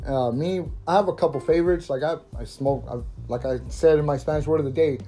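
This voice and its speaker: A man's voice: fairly high pitch, brisk, warm tone. Profane laid-back thirty-year-old guy. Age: 30s. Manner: profane, rambling, laughing. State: coughing from smoking. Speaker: podcast host. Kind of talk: casual stoner monologue. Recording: faint guitar music behind.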